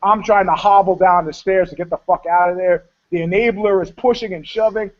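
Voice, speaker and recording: A man telling a profane, animated story in a casual chat, laughing along as he goes. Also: high voice, fairly quick. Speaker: co-host. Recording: dull lo-fi sound.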